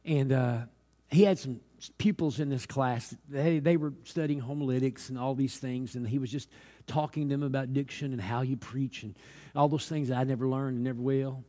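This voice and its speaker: A man's voice: medium pitch, steady tone, moderate pace, warm tone. A man preaching a sermon, telling stories and building to fervent exhortation, with many repeated hallelujahs.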